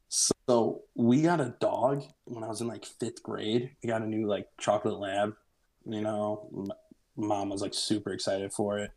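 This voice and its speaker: A young man co-hosting a podcast, telling a story in casual chat, animated and swearing freely. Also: on the low side, unhurried. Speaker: podcast co-host.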